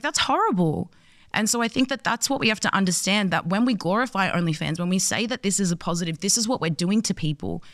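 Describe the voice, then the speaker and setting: A woman's voice: mid-range voice, a bit bright, no echo. Woman in her 20s, earnest interview guest, acts out quotes, dry close sound. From Australia. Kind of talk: passionate conversational storytelling.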